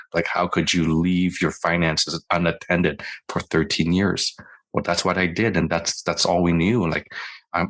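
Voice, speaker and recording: A man's voice: low voice, a bit bright. A middle-aged man, a physician guest in an interview, telling his own story in a conversational way and acting out his past dialogue. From Canada.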